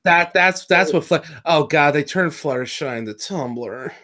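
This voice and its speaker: A slightly high-voiced man chatting casually through a cartoon episode recap. He rambles, restarts and corrects himself, tossing in jokes as he goes. His talk is loose and unscripted. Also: expressive, measured pace, bright, forceful tone. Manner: rambling, self-correcting, jokey. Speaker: podcast co-host. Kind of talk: casual review chat.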